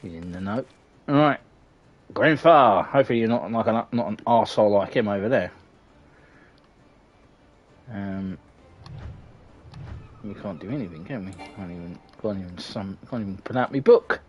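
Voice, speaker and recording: A man with a lowish voice chats through his game stream. He mutters wry asides to himself in a casual, offhand way. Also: normal speed, long pauses, slightly rough, dull audio. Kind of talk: casual gameplay commentary.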